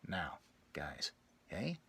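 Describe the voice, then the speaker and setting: A man playing a boastful, sleazy male pickup guru in a parody self-help lecture, sinking to low murmurs and bursting into loud scat exclamations. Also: huge pitch swings, slow, gravelly, husky, heavily acted. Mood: murmuring. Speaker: self-styled dating coach.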